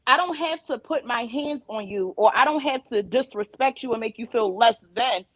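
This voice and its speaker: A woman on a casual panel discussion, telling a story about her daughter in an animated way and acting out the dialogue. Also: on the high side, moderate pace, no echo, lo-fi sound. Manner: animated storyteller who acts out quoted dialogue. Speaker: panelist and mother.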